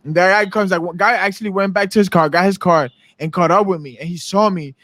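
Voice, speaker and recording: A man's voice: high voice, fast, dry recording. A young man co-hosting a podcast, telling a street story in casual chat and acting out the people he quotes. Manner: animated storyteller acting out quotes in different voices. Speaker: podcast co-host.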